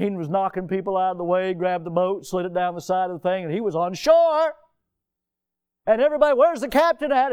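Emphatic preacher man with a high voice. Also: smooth, highs cut off. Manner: emphatic, asks the listeners questions and answers them; swings between loud stressed lines and low quiet ones. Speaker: preacher and teacher. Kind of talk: sermon.

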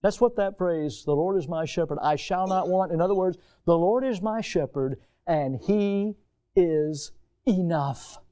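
Emphatic American preacher, mellow voice. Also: male voice, high voice, measured pace. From United States. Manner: emphatic preacher, swinging between hushed and loud. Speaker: pastor. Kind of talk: sermon.

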